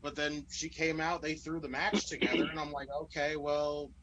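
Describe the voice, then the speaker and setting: A man talking as a podcast guest in casual chat, relaxed and full of "like" fillers. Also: on the high side, a little fast, slight background noise, low-quality recording. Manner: relaxed, filler-heavy, lots of "like".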